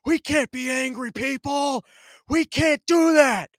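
A man impersonating a whispery old male politician who yells as hard as he can, strained and breathy. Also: very high voice, slow pace, no echo, studio quality, voice pushed up, heavily acted. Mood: strained yelling.

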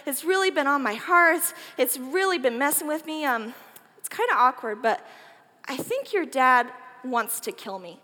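A woman's voice: high voice, very animated, sharp tone, long reverb tail, exaggerated voice. A woman voicing a worried young man who hesitantly tells his friend a fear. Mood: nervous. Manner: hesitant, rushed, confiding.

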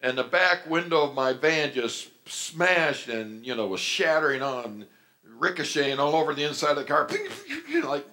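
A man's voice: on the high side, moderate pace, sharp tone. A middle-aged man preaching a sermon as pastor, telling stories animatedly and acting out the voices he quotes.

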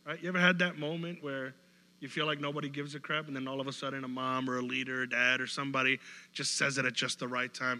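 A man preaching a casual, joking sermon, acting out quick bits of dialogue. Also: mid-range voice, in a large hall. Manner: animated, jokey, acts out quick voices. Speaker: pastor.

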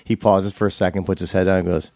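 A man's voice: low voice, flat delivery, fast talker, a little mellow, no room sound, clean studio sound. A man riffing sarcastically in casual comedic chat.

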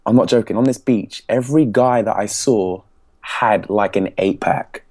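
A young man from England tells his story with an English accent on a podcast. His voice sits a bit low, but he talks with animation, laughs often and drops into other people's voices when he quotes them. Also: normal speed, darkish tone. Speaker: podcast guest, speaking coach. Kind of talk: casual storytelling.

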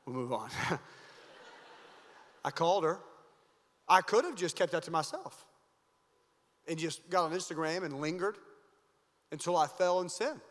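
High-voiced male pastor preaching in a hall. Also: animated, a little slow, pauses often. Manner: emphatic preaching, swinging between loud highs and low asides. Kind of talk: sermon.

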